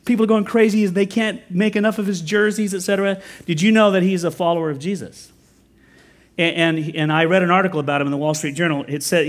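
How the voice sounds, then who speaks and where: An American pastor in middle age delivers a sermon to his church. His voice sits a touch high for a man, and he tells stories with quick, lively asides. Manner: conversational, animated storytelling with quick asides. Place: church sanctuary.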